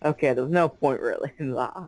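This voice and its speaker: A man's voice: medium pitch, brisk, darkish tone. A man playing a card game against a friend, joking and mock-pleading as he loses. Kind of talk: casual chat while playing a card game.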